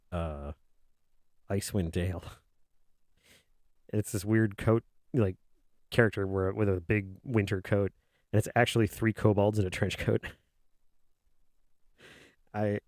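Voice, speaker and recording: A low-pitched, somewhat mellow voice belongs to an art streamer chatting from his desk indoors. Rambling and joking, he speaks as a kobold in his own voice, with clean studio sound and no room noise.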